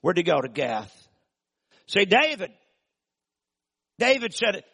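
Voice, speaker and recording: An older man preaches in a folksy, emphatic style, stretching some phrases out and punching others loud. His voice is gravelly and a bit husky, pitched somewhat high for a man. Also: big pitch swings, takes it slowly. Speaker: pastor. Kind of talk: sermon.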